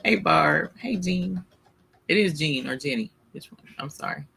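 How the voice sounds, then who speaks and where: Man, livestream host, casual chat, gravelly edge, slightly high voice, greets viewers by name. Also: lively intonation, unhurried, sharp tone. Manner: greets chat viewers by name between thoughts, playfully exasperated.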